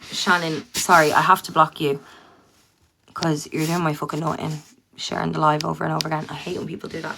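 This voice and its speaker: Sweary Irish woman with a low, forceful voice. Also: slightly rough. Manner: blunt and sweary, talking straight to her viewers. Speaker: livestreamer. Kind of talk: ranting livestream chat.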